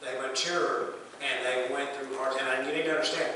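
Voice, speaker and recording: A man's voice: mid-range voice, fairly even intonation, normal speed, background noise. A man preaching a sermon, talking plainly and putting questions to the congregation. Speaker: pastor. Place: church sanctuary. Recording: echoey hall recording from a distance.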